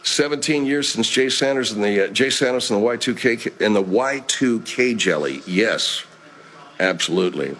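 A man's voice: fairly low pitch, moderate pace, a bit bright. Profane, rambling man hosting a live chat. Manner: profane, rambling, laid-back. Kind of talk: casual live-stream chat reading comments.

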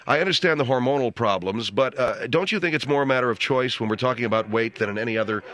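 A man hosting a call-in radio show, brisk and taking charge of his callers, speaking from a studio. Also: medium pitch, a bit bright, no room sound. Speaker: radio talk show host.

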